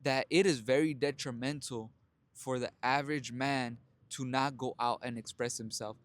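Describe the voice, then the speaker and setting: With no audible room sound, this young man speaks at a medium pitch and moderate pace. He's a self-help vlogger telling his own story in a blunt, profane, laugh-filled pep talk addressed to his "brothers."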